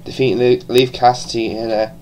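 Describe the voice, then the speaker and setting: A man's voice: mid-range voice, little pitch movement, brisk, darkish tone, slight background noise, rough recording. A man with an Irish accent giving a casual, rambling review, full of restarts and the odd swear word. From born in England, raised partly in Ireland. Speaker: wrestling show reviewer.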